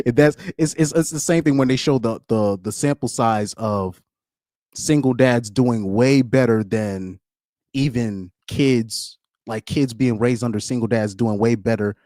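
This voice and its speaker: A man's voice: mid-range voice, mellow, no room sound. Rambling male streamer, dry close sound. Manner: rambling, repeats words, laughs often. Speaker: commentary streamer. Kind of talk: casual live-stream commentary.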